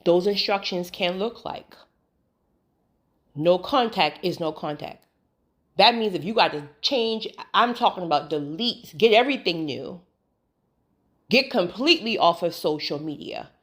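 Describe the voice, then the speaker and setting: Animated woman giving preachy spiritual advice. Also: lowish voice, unhurried, long pauses. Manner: colloquial, emphatic, repeats phrases. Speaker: spiritual healing vlogger. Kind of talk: preachy motivational talk.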